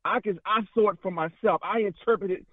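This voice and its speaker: A man's voice: sits high, a little fast, no room sound. A man calling in to a radio talk show, speaking in a fiery, rambling way and often repeating himself. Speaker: caller. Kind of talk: impassioned call-in talk. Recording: tinny phone line.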